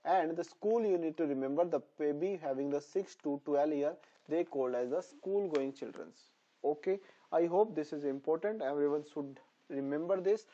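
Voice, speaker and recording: A man gives a pediatrics lecture, his voice a little hoarse and fairly high but mellow in tone. He keeps repeating each term and range so students can memorize them. The recording sounds dull and lo-fi. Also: moderate pace. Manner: repetitive, drilling terms for memorization. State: voice slightly hoarse. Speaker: nursing exam tutor. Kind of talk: online lecture.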